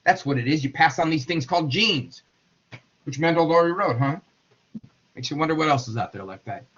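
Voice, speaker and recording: A man's voice: fairly high pitch, lively intonation, fairly quick, fairly bright tone, a little hiss or hum. A man teaching a casual classroom lecture, chatty and digressive, acting out quotes in funny voices, on a dull lo-fi recording.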